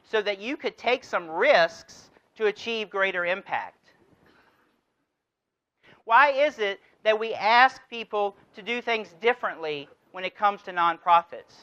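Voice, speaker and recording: A keynote speaker gives a motivational address, telling a story and driving his points home with rhetorical questions. His voice is high, bright and forceful, recorded with lo-fi sound.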